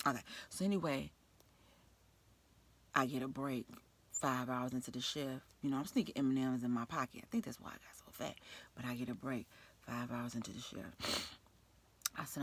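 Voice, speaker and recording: A woman with a New York accent, a nurse telling an animated, profane story from work with frequent laughter. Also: extremely low pitch, a little fast, pauses often. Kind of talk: storytime vlog.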